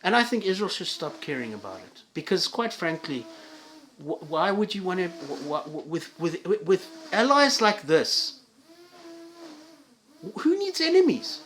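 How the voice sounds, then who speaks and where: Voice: medium pitch, big pitch swings, normal speed, a bit bright, a little hiss or hum. A vlogger delivering an angry, profane solo rant to viewers, with heated stammering restarts.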